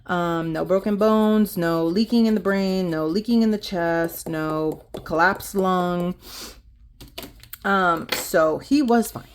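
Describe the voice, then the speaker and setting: A woman's voice: fairly low pitch, slow, a little hiss or hum. A woman in her thirties, a budgeting vlogger, chatting casually to her viewers while she counts cash into envelopes. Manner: rambling, chatty, talks straight to viewers, counts bills aloud.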